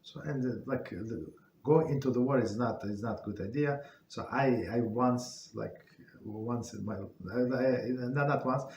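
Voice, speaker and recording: Halting man teaching a Torah class. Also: mid-range voice, darkish tone, reverberant, slight background noise. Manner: halting, many fillers and restarts. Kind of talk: casual spoken Torah class.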